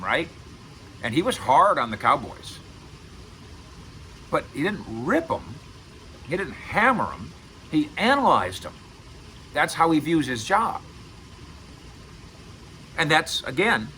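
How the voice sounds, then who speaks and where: A man's voice: on the high side, very animated, unhurried, long pauses, sharp tone, slight background noise, low-quality recording. A middle-aged man giving casual sports commentary to camera as host, emphatic and repeating words for stress. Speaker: sports radio and video host.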